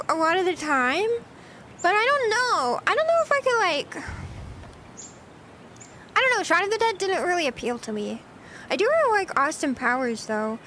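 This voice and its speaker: A woman's voice: extremely high pitch, very animated, normal speed, fairly bright tone, a little hiss or hum. A young woman streamer rambling through casual chat with her viewers, giggling often.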